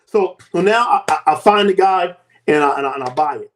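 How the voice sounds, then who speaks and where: Man in his 50s, high voice, guest telling a story with animated voices for the people in it. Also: fairly quick. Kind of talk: personal testimony.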